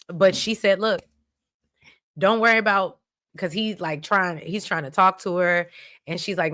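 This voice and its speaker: A woman with a lowish voice recaps a soap opera episode in casual, chatty commentary. She speaks to her viewers as y'all and lets her feelings show, exclaiming over the big scenes. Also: steady tone, unhurried, long pauses, fairly bright tone. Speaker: recap host.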